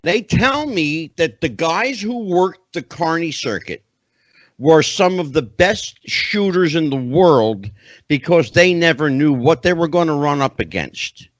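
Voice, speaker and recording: A man's voice: on the high side, expressive, a little slow, no echo. A middle-aged man hosting a podcast interview, chatty and often rephrasing himself. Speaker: podcast host.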